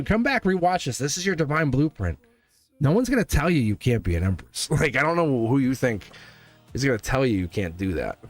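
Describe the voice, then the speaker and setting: A man giving a casual live tarot reading, rambling and chatty, laughing often. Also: medium pitch. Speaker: tarot reader.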